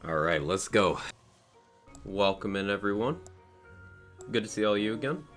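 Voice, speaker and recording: Deep-voiced groggy streamer, casual chat. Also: male voice, moderate pace, fairly bright tone, soft background music. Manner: reads out viewer names and thanks them, laid-back and chatty. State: groggy morning voice, tired. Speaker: live streamer. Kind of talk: casual live-stream chat while gaming.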